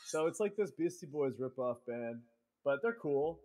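A man's voice: a little high, lively intonation, normal speed, a little mellow, faint music behind. A man co-hosting a game stream, telling crude, joking wrestling stories in casual banter. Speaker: co-host and wrestler.

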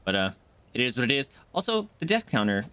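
A man live-streaming a game, chatting casually and excitably with his viewers from a home setup. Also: mid-range voice, quick pace. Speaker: gaming streamer.

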